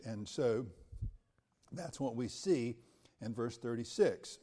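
A man's voice: medium pitch, animated, slow pace, long pauses, dark tone. A man preaching an expository sermon, reading scripture aloud and then explaining it step by step, repeating key phrases for emphasis. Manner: occasional restarts when speaking off the cuff.

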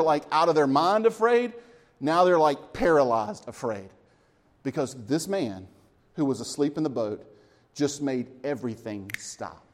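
Preaching a sermon, this pastor has a slightly high voice. He shifts from energetic emphasis to soft, quiet moments and laughs lightly between his points.

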